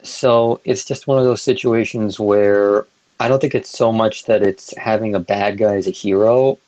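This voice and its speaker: A man's voice: fairly low pitch, fairly even intonation, moderate pace, darkish tone, poor audio. A man co-hosting a podcast, joking in casual banter and cutting in over the others. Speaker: podcast co-host.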